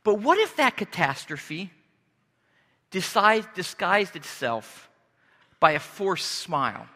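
A man preaching a sermon as pastor, earnest and deliberate, pausing and restarting as he speaks. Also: high-pitched, big pitch swings, pushed and bright, in a large hall.

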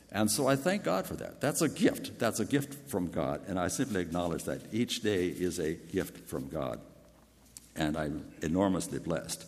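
An older man with a big voice preaching a sermon in an earnest, personal storytelling way. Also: low voice. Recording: long hall reverb.

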